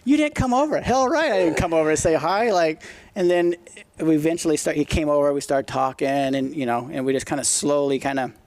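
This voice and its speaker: As a guest on a podcast, a middle-aged retired motocross racer recounts stories casually, bluntly and profanely, acting out the quotes. His voice is fairly high and fairly quick, with a darkish tone and no echo.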